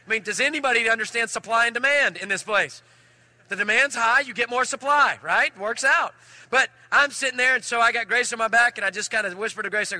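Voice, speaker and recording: A man preaching a sermon, telling a personal story in an animated way that swings from loud to hushed. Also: extremely high pitch, a little fast, no room sound. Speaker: pastor.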